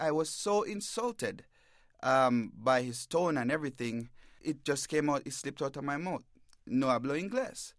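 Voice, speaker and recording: Male reporter guest, halting and stammering, plain mid voice, dry studio sound. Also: mid-range voice, lively intonation, a bit bright, no room sound. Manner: halting, repeats words, stammers. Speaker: newspaper reporter, interview guest. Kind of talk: emotional first-person account. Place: radio bureau studio.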